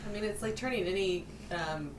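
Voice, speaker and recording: A woman's voice: medium pitch, a little fast, noisy background. Rambling woman podcast co-host, echoey room. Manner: rambling, many fillers and restarts. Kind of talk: casual chat.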